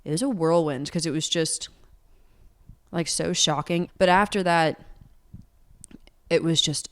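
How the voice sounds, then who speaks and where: A woman's voice: deep voice, measured pace. A young woman singer-songwriter talking openly in an interview, earnest and candid, peppering her speech with "like.". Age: young adult. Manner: earnest, open, heavy use of "like".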